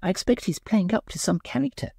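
A man's voice: high-pitched, fast, creaky, dark tone, husky, no room sound, clean studio sound, voice pushed up, heavily acted. A man voicing a witty young society woman who talks in an arch, knowing way. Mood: wry.

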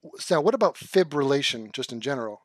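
A man's voice: medium pitch, big pitch swings, fast talker. A man doing casual stream commentary, full of swearing and self-mocking. He keeps tripping over a word and laughing about it. His voice sounds dry and close, with no room echo. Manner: profane, ranting, keeps stumbling over a word and laughing at himself.

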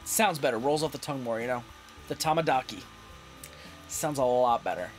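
A man giving casual, playful gameplay commentary, reading game text aloud and getting excitable. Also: mid-range voice, brisk, soft background music. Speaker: let's play host.

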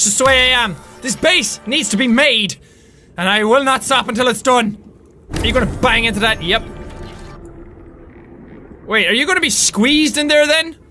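A gaming YouTuber, a young Irish man in his twenties with a very high voice, gives loud, excitable let's-play commentary. He swears often and yells when excited.

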